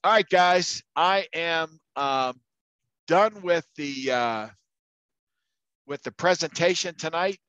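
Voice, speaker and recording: A man's voice: on the high side, slow pace, long pauses, a bit bright, clear, resonant tone, no echo, dull audio. A man teaching a university class, telling anecdotes in a casual, chatty way with many fillers and restarts. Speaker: university instructor. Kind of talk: casual lecture storytelling.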